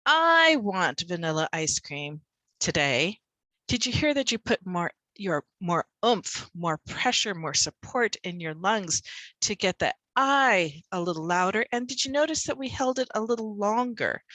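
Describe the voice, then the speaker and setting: A woman's voice: mid-range voice, expressive, normal speed, fairly bright tone, dry recording, rough recording. Woman explaining stress in a video lesson. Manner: conversational, demonstrates stressed words with extra punch. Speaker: reading and spelling tutor. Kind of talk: explaining teaching method to other teachers. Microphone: video call.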